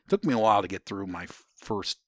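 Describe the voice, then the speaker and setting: A middle-aged man telling stories about his Army days in a casual interview, cursing freely and shouting out the drill sergeants' orders. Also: lowish voice, fast talker, no echo, studio quality. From Ohio, United States. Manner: profane, animated storytelling, shouts out drill sergeant lines.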